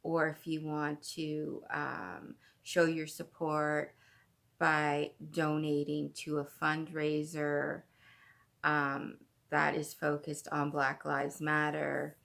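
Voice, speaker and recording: A woman from Canada hosting a craft podcast at home, chatting casually in a gushing, excitable way. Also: deep voice, takes it slowly, creaky. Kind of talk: casual chat.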